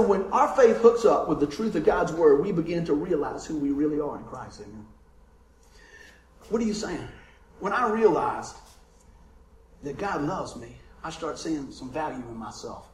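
High-voiced man preaching in an echoey room. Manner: lively storytelling, calls for amens. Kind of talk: sermon. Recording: roomy echo.

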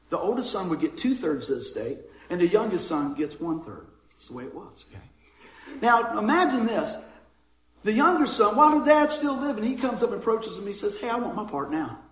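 A man's voice: on the high side, reverberant, slight background noise, rough recording. A man preaching a casual sermon to his congregation, folksy, often checking in with "amen?" and "right?". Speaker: pastor. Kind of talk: conversational sermon. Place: church hall with a congregation.

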